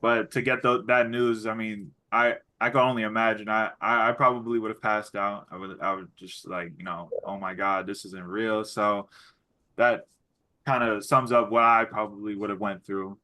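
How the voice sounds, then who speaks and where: A man's voice: on the low side, steady tone, normal speed, sharp tone. A man interviewing a young athlete, asking long, looping questions full of restarts.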